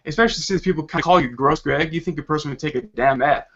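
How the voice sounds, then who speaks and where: A sassy talking moon who talks down to everyone, as a man voices her in a storybook reading. The delivery is bright and forceful, on a slightly lo-fi recording. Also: fairly high pitch, fast. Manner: sassy, condescending. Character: sassy female moon, later demonic robot.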